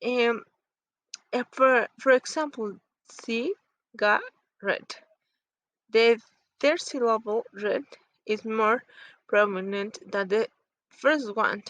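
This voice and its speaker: A woman whose first language is Spanish, explaining phonetics in halting English as she searches for words. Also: fairly high pitch, a bit bright, poor audio.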